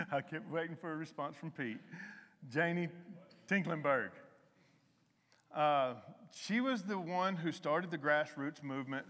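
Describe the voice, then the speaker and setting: A man preaching a conversational sermon to a congregation, with emphatic rises and a soft, slow hymn. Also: fairly high pitch, long reverb tail. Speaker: lay preacher. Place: church hall.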